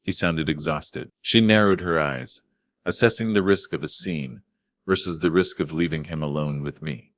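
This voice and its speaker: Brief: deep-voiced male narrator, grave and forceful, dry close mic. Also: moderate pace, no echo. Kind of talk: first-person dramatic story narration.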